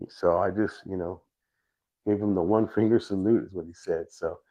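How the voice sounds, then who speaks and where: A middle-aged man hosting a livestream, talking in a rambling, halting way with many restarts. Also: deep voice, steady tone, dark tone. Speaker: livestream host. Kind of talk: casual livestream chat. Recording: dull lo-fi stream audio.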